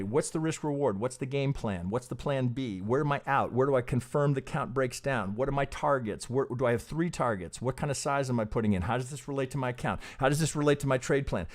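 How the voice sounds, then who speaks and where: A middle-aged man hosting a trading stream, talking over charts in a casual, profane, animated way. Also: medium pitch. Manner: profane, animated, mimics clueless traders in quick asides. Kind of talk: casual live chart commentary.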